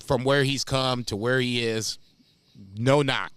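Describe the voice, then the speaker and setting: A man's voice: medium pitch, a little slow, smooth, no room sound. A man co-hosting a casual wrestling podcast, emphatic and profane. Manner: animated, emphatic, profane, laughs often. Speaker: podcast co-host.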